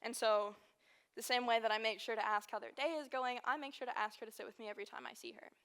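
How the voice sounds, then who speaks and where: A young woman in her early twenties, a student from Texas, delivers a personal speech with earnest conviction. Her voice sits a little on the higher side, and she leans on emphatic repetition to drive her points home. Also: fairly even intonation, fast talker, a bit bright. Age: early 20s. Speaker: student speaker.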